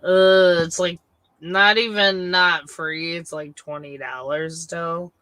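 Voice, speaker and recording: A woman's voice: fairly low pitch, steady tone, a bit bright, no echo. A woman co-hosting a casual horror movie livestream, talking bluntly with plenty of swearing. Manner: blunt, profane, slow drawl. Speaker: podcast co-host.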